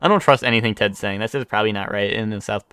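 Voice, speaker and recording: A man's voice: lowish voice, fast talker, a bit bright, clear, resonant tone, no echo, clean studio sound. A man streaming live, chatting casually with chat, rambling with many fillers and restarts and swearing freely.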